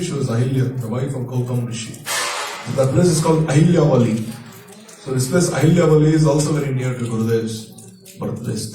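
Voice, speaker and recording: A man's voice: medium pitch, warm tone. A man giving a sermon, telling scripture stories in a questioning, hesitant way and answering his own questions. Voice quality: frequent hesitations, repeats words. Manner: asks questions and answers them himself. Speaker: speaker giving a religious discourse. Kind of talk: sermon storytelling. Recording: echoey room, voice far from mic.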